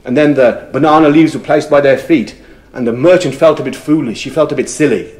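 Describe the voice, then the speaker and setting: A male storyteller recounts a folk tale with a rhythmic, repeating cadence. His voice sits at a middling pitch and sinks into hushed murmurs at tender moments. He tells it live, straight to camera. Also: brisk. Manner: rhythmic, repeating phrases, dropping to soft murmurs.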